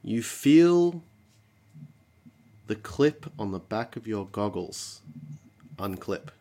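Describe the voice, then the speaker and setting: A game master narrating a tabletop game in a slow, measured way with dramatic pauses. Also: mid-range voice, very animated, warm tone.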